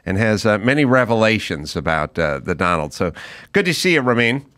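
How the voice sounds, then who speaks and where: A middle-aged man hosts a podcast, telling a story in casual chat as an animated storyteller who acts out the people he quotes. His voice is lowish and brisk.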